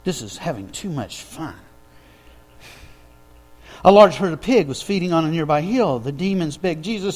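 A male preacher delivering a sermon, telling the story with lively energy and asking his listeners questions. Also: high voice, moderate pace, long pauses. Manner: animated storytelling, asks the audience questions.

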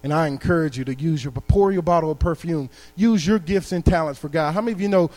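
Preaching quickly in a slightly high, somewhat mellow voice, this man is a guest speaker in a church sanctuary. His sermon builds up to emphatic calls directed at the congregation.

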